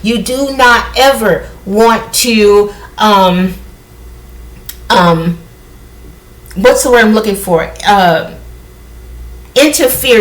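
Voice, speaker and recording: A woman talking casually to her viewers, rambling with asides and laughs. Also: mid-range voice. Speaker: spiritual vlogger. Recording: echoey room.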